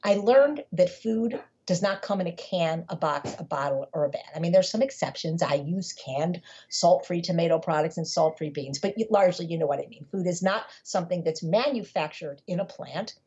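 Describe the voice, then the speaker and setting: Very husky woman, mellow and emphatic. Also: on the low side, normal speed, hardly any pauses. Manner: emphatic, repeats words when building a point. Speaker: podcast guest. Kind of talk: conversational interview storytelling. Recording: dull lo-fi podcast audio.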